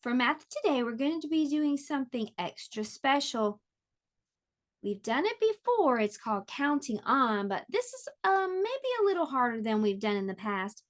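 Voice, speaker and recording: A woman teaching an online pre-K lesson, speaking gently and encouragingly and sounding words out clearly for young children. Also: sits high, big pitch swings, moderate pace.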